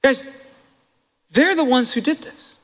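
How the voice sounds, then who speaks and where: Male pastor, sermon, high voice, lively asides to the congregation, long hall reverb. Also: slow. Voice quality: animated, talks straight to the congregation with asides and laughs.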